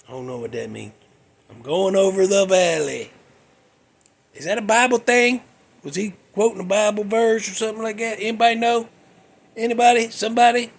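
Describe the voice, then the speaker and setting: A man talks in a loose, rambling monologue, tossing in folksy jokes and asides. His voice sits high for a man. He speaks like a podcast host chatting to his regular listeners. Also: gravelly. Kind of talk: casual monologue. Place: cold room with a space heater.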